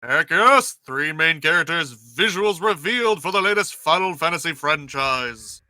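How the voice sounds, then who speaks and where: A man's voice: fairly high pitch, animated, bright, forceful tone, no echo. A man co-hosting a casual podcast, eager and reading news aloud. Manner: eager, reads news with drawn-out pauses. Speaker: podcast co-host.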